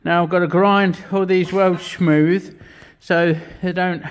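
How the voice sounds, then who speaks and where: He speaks slowly in a high, smooth voice with flat delivery. In his casual workshop vlog, the metal fabricator bluntly explains his metalwork, swears a lot and is occasionally out of breath.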